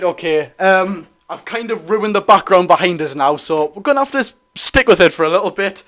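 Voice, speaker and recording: Excitable young Geordie lad, slightly high voice. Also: male voice. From North East England. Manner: excitable, rambling, quick to apologise. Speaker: football fan streamer. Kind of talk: live watch-along chat. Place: room at his dad's house.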